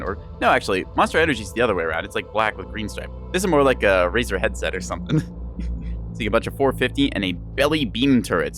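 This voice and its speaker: A man's voice: fairly low pitch, a bit bright. A young adult man giving casual live-stream commentary on a game, chatty and rambling, with frequent laughs and teasing asides.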